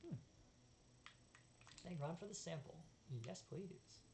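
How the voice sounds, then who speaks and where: A woman's voice: lowish voice, slow, gravelly, noisy background. A woman playing a story game, reading its text aloud and chatting casually. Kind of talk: let's play reading and commentary.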